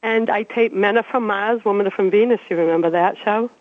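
A woman in her fifties from Massachusetts, a guest telling her life story in an animated, chatty way and laughing as she goes. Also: mid-range voice, fairly quick, no room sound. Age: 50s. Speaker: interview guest. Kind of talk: casual storytelling. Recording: dry, tinny phone-like radio sound.

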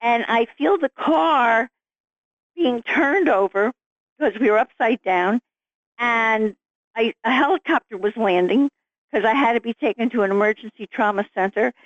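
Middle-aged woman guest, lively storyteller, slightly high voice, dull lo-fi dry recording. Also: a little slow, no echo. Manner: animated, vivid storyteller. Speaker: author guest. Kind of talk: storytelling interview.

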